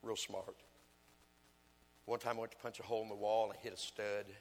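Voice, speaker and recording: A man's voice: lowish voice, flat delivery, brisk, big-room sound. An older man, an evangelist, preaching a folksy sermon full of home stories and asides. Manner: folksy storytelling, acts out his wife's lines. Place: church sanctuary.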